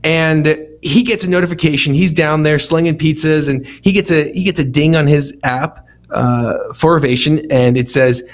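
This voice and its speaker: A man's voice: on the high side, normal speed. A man with a slightly raised voice, chatting casually as he tells stories from the restaurant business. He slips into the voices of the people he quotes. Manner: storytelling, animated quoting of others. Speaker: restaurant feedback company founder. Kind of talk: casual podcast conversation.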